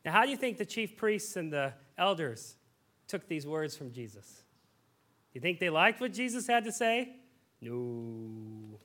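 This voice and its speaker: A man in his thirties preaching a sermon as a pastor, telling a story in an animated, conversational way. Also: fairly high pitch, a little slow.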